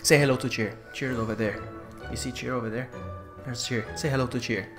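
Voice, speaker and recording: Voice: medium pitch, steady tone, fairly quick, reverberant, soft background music. A game streamer chatting casually on a live stream, giggly and greeting viewers by name.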